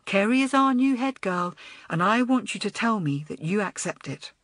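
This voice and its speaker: A woman voicing a kind, composed senior schoolgirl who speaks gently but firmly. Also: medium pitch, animated, normal speed, no echo, voice pushed up.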